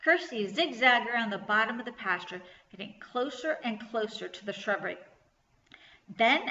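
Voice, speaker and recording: Bright-voiced woman reading a children's story. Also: on the high side. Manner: clear, lively storytelling. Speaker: children's librarian. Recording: echoey room, slightly dull sound.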